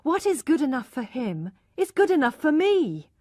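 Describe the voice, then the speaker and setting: A woman's voice: high voice, sing-song, moderate pace, darkish tone, no room sound, clean studio sound, pitched above the performer's own voice. A woman voicing an earnest young married farm woman who answers firmly and pleads to be left alone.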